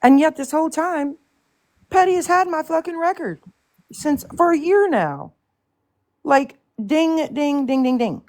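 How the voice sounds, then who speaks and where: A woman's voice: high voice, lively intonation, unhurried, a little mellow. A woman hosting a live stream in casual chat, ranting bluntly and swearing often in exasperation.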